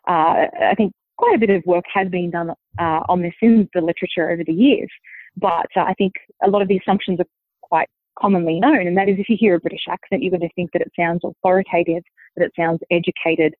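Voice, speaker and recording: A woman's voice: lowish voice, steady tone, dry recording. Australian woman on a tinny line. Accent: Australian, softened. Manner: measured, explanatory, thinks aloud. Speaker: linguist guest. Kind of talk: conversational interview answer. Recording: dry tinny phone-like line.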